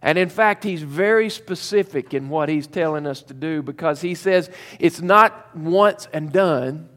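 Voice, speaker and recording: A male pastor preaches in a high, bright register, stretching key words and pausing for emphasis. His voice rings out with a long reverb tail from the church sanctuary. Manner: emphatic, drawn-out preaching with pauses. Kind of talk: sermon.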